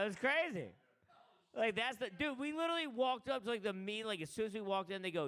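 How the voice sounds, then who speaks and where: A man on stage rattling off an excitable, rambling story with constant fillers. His voice sits a little high and sounds smooth and clear. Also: fairly quick. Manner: rambling, excitable, lots of "like" and "dude". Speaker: stand-up comedian. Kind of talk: stand-up storytelling.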